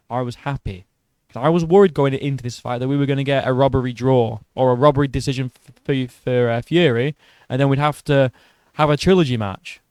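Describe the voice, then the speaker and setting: A man's voice: mid-range voice, darkish tone, smooth, dry recording. Blunt, mocking male commentator. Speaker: boxing commentator. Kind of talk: reaction commentary.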